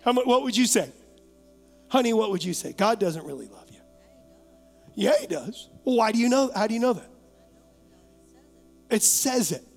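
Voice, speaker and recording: High-voiced pastor preaching in a reverberant church. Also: male voice, normal speed, long pauses, faint music behind. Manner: lively, coaxing the congregation to talk back; acts out imagined voices and doubts. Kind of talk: sermon. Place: church sanctuary, live service.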